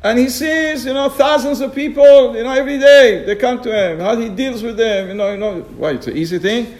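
High-voiced man giving a Torah class. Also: fairly quick. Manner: chuckling, asks rhetorical questions, acts out quoted excuses. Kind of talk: informal Torah lesson on radio.

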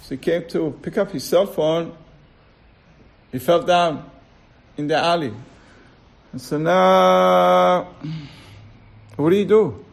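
A man teaching a Torah class, telling a parable in a halting, storytelling way and chuckling as he acts out the dialogue. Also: high-pitched, gravelly. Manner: halting, fillers, slow and deliberate. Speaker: rabbi.

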